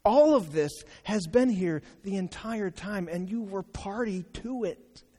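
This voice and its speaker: A man's voice: sits high, expressive, measured pace, mellow, voice pushed up. A preacher voicing a patient loving father. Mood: pleading. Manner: earnest, pleading. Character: patient, loving father reasoning with his angry son. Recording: long reverb of a large hall.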